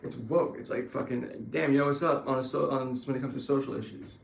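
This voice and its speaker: A man talking politics in a loose, rambling monologue, full of swearing and restarts. His voice is gravelly at a middle pitch. The room is echoey with a faint hum behind him. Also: a little fast. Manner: rambling, profane, self-correcting.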